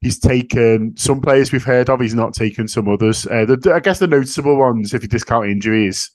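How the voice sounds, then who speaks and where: A man's voice: mid-range voice, brisk, darkish tone, dry recording. A man hosting a casual football podcast, chatting in an easygoing way and laughing along with his guest. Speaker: podcast host. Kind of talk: casual chat.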